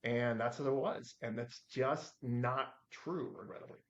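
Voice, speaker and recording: A man in his forties telling stories as a podcast guest, acting out the quotes with lively shifts in voice. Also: mid-range voice, a little slow, highs cut off. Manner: animated storyteller acting out his own quotes. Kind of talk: storytelling in a podcast interview.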